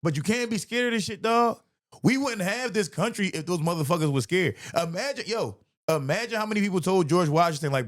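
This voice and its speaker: A man, a comedian hosting a podcast, in a profane, animated comedic rant, laughing often. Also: sits high, fairly quick.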